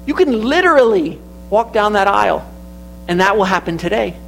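A man's voice: high voice, expressive, normal speed, creaky, a bit bright, soft background music, poor audio. A man preaching an earnest sermon in a church, repeating key phrases and building to emphatic peaks. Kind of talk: sermon with invitation. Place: church sanctuary.

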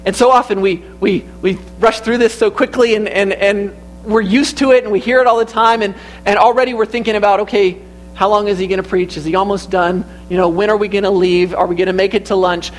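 High-voiced man, earnest church sermon, repeats and builds phrases, faint music under. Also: steady tone, brisk, low-quality recording. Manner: earnest, repetitive, building to emphatic peaks. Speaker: preacher. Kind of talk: sermon with invitation. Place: church sanctuary.

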